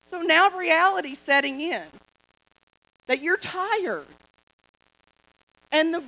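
Bright high-voiced woman preaching. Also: rough recording. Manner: animated storytelling, repeats phrases. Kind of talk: sermon testimony.

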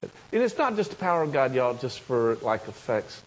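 Man, pastor, sermon, husky voice, lively swooping pitch, storytelling. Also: normal speed, low-quality recording. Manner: animated storytelling, swooping from high excited bursts to low hushed tones.

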